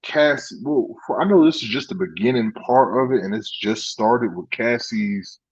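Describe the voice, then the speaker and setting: A man's voice: mid-range voice, moderate pace, husky, highs cut off. A man co-hosting a podcast in a laid-back, teasing way, leading into the next topic. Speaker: podcast co-host. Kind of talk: casual comedic chat.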